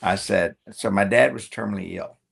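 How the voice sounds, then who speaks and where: An older man's voice, deep-set and heavily gravelly, with a husky, roughened edge. He tells a personal story to his podcast hosts at an unhurried storyteller's pace. He slips into the voices of the people in the tale as he goes. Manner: warm storyteller acting out quoted dialogue. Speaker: guest.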